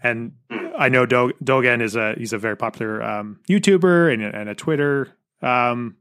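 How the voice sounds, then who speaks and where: A man's voice: mid-range voice, normal speed, a bit bright, smooth. A man hosting a podcast interview, chatty, explaining things and joking with his guest. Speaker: podcast host. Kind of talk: casual interview conversation.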